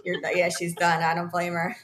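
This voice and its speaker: A woman co-hosting a morning talk show, trading jokes about her own picky eating. Her voice sits fairly low, and she laughs quickly. Clear background noise runs under her voice. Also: completely flat delivery, fairly bright tone. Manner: joking, self-mocking, quick laughs. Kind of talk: casual chat.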